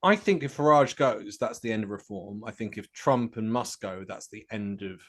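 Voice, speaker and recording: A man's voice: fairly low pitch, moderate pace. A man co-hosting a casual political chat, joking and laughing readily. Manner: lively, jokey, laughs often.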